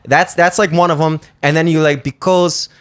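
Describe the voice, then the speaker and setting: A man with a Baltimore accent chats on a podcast, rambling, swearing freely and restarting his sentences. His voice sits a bit higher than most men's. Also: fairly even intonation, normal speed, a bit bright, clean tone. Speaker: podcast host. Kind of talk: casual chat. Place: studio.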